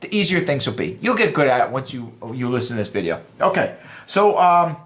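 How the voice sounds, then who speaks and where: A man giving dating advice to other men, lively and explaining point by point, acting out quoted lines in funny voices. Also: mid-range voice, fairly quick. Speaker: dating coach. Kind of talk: instructional vlog talk.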